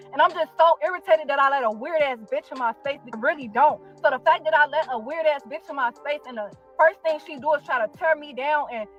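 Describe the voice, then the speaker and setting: A woman's voice: high-pitched, fairly bright tone, muffled recording. A young woman from Chicago with a Chicago accent, telling her side of a falling-out with a friend in a blunt, profane, exasperated rant. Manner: blunt, profane, exasperated, repeats herself for emphasis. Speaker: content creator telling her side of a feud. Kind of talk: heated storytime rant.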